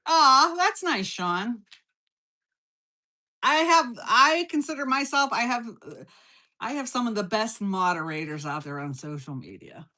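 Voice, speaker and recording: Hosting a relaxed cooking livestream in her kitchen, this woman reads viewer comments aloud and fires back blunt, playful, teasing replies. Her voice is medium-pitched and expressive, with a sharp tone and a measured pace.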